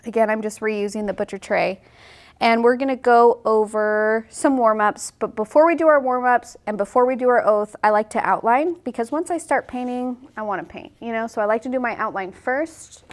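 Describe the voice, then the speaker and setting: A woman's voice: fairly high pitch, moderate pace. A woman in her thirties teaching a watercolor tutorial in a casual, chatty way, often saying "like" and laughing easily. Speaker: watercolor instructor.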